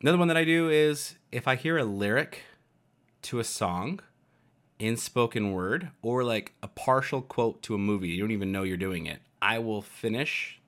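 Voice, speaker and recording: A man's voice: mid-range voice, animated, moderate pace, a bit bright. A young man co-hosting a podcast, chatting casually and rambling playfully, now and then breaking into goofy voices. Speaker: podcast co-host. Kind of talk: casual chat.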